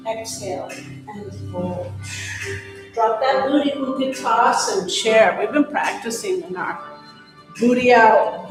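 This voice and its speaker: Calm yoga teacher woman, echoey studio. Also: fairly high pitch. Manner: calm, encouraging cues with breath prompts. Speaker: yoga instructor. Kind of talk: guided yoga class instruction.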